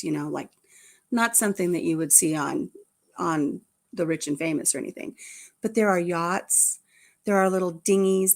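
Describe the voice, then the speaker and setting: An older woman and grandmother chatting casually to her viewers, telling a family story in a rambling way with frequent restarts. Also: mid-range voice. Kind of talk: casual chat.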